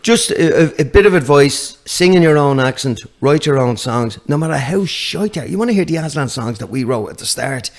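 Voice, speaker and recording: A man's voice: a little high, brisk, few pauses. An older man, a guest guitarist chatting casually in an interview, telling stories with lots of restarts. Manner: animated storyteller with many restarts.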